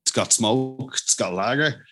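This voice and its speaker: A man's voice: medium pitch, a little slow. A man as a guest in a podcast interview, telling stories eagerly, with many fillers and restarts. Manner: enthusiastic storyteller, many fillers and restarts, animated quoted voices. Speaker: brewery owner, guest. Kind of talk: casual interview chat.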